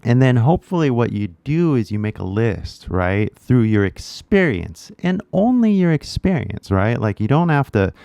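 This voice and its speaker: A man's voice: mid-range voice, very animated, moderate pace, gravelly, few pauses, mellow, no room sound. A man with a Californian accent teaching English in a casual, slangy way, often checking in with "right?". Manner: laid-back slangy talk, keeps tagging "right?". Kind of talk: casual spoken lesson.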